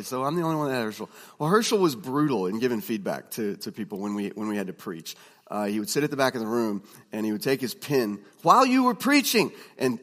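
A man's voice: medium pitch, a bit bright. Man teaching in an echoing hall. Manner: conversational, many fillers and restarts, storytelling asides. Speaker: preaching instructor. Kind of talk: classroom teaching talk.

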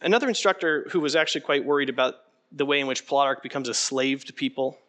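A man leading an interactive teaching session, conversational and animated, often putting questions to the room. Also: medium pitch, quick pace. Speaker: preaching workshop instructor.

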